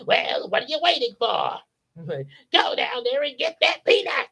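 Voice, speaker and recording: A man doing a shrill, bossy evil empress. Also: big pitch swings, a little slow, gravelly, bright, forceful tone, breathy edge, heavily acted. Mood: commanding. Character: shrill commanding evil sorceress empress, female.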